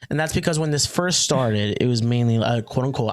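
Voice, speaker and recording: Man, podcast co-host, casual banter, fillers and restarts, middle pitch, dry close sound. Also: expressive, fast talker, no echo. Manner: chatty and joking, with frequent fillers and restarts. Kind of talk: casual chat.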